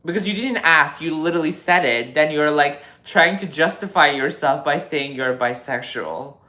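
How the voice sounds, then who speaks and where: A man in his twenties on a casual live stream, reading viewer comments and answering them in an animated, lecturing way with lots of fillers. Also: fairly high pitch, moderate pace. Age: 20s.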